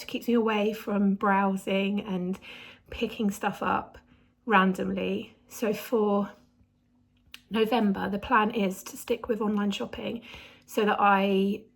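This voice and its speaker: A woman's voice: mid-range voice, slightly rough, poor audio. A woman, chatting casually and rambling a little as she vlogs her day, out of breath. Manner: chatty, rambling, self-deprecating. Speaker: vlogger. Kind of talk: casual vlog chat.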